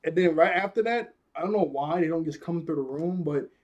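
Husky young man recapping an episode. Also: on the high side, a little fast, a little mellow, highs cut off. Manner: rambling, laughing often, many restarts. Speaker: anime reviewer.

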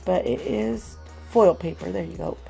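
A woman hosting a craft swap unboxing vlog at home, talking slowly and gently and calling viewers "love" again and again. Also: fairly low pitch, creaky, husky, soft background music, poor audio. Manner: slow, gentle, calls viewers "love" often.

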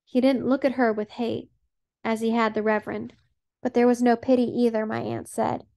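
Woman narrator, audiobook reading, measured, gravelly, slightly high. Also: flat delivery, mellow.

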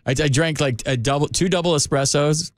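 A man hosting a sports radio call-in show, talking loosely and chattily with quick restarts, on a studio microphone. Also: on the high side, no echo. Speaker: radio sports talk host. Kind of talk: casual radio chat.

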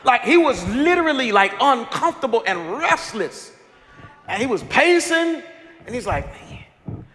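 A high, bright-voiced male pastor preaches in a storytelling style, his pitch leaping around as he acts out scenes. The sound carries a long hall reverb, with a congregation faintly audible. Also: moderate pace. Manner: animated, acts out people in his story, laughing and shouting at times. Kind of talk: storytelling sermon. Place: large church sanctuary with congregation. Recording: live church hall with faint crowd.

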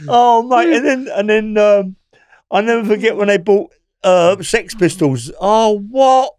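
A man's voice: high voice, a little slow, darkish tone, clear, resonant tone, no echo. A man, a former prisoner telling rambling stories in an interview, swearing and laughing as he goes. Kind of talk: storytelling interview.

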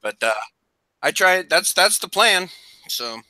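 Halting man, bright dry voice. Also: high-pitched, very animated, no echo. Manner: halting, many fillers and restarts. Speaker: YouTube reseller, live streamer. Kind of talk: casual panel chat.

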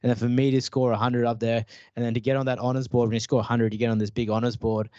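Brief: man, thirties, lively anecdotal guest, dry and slightly dull sound. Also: mid-range voice, quick pace, no room sound. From Australia. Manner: animated storyteller who acts out family dialogue. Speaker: guest, professional cricketer. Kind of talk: casual fireside chat at a live event.

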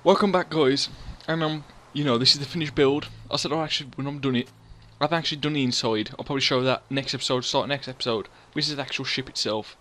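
A man's voice: medium pitch, fast talker, hardly any pauses, pushed and bright. A young man, chatting casually over his gameplay, rambling and mocking himself as he scolds himself in the third person. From England. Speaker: gaming channel host.

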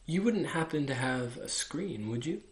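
A man's voice: a little high, animated, moderate pace, lightly acted. A man voicing a vain, touchy, demanding female flower in a storybook, with a coy and fussy manner. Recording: echoey room.

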